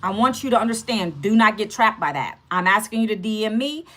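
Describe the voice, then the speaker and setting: A woman's voice: mid-range voice, expressive, brisk, fairly bright tone. A woman in her fifties talking casually to viewers on a livestream, direct and chatty, checking in with "okay" and "guys". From United States. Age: 50s. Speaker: livestream host.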